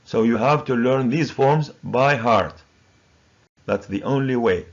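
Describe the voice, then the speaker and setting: A male English teacher with a Moroccan accent walks through verb forms one word at a time, slow and deliberate. His voice is husky with a gravelly edge. The recording sounds dull and lo-fi. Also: medium pitch. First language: Moroccan Arabic. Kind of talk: recorded grammar lesson.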